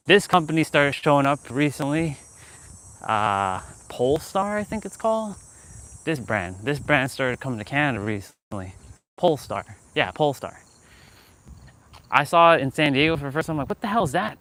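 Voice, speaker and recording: A man's voice: medium pitch, big pitch swings, normal speed, a bit bright. Man rambling on a phone livestream outdoors. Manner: rambling, musing aloud, answering chat. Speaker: fitness livestream host. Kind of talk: casual live-stream chat while walking. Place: outdoors, walking past courts and a pool.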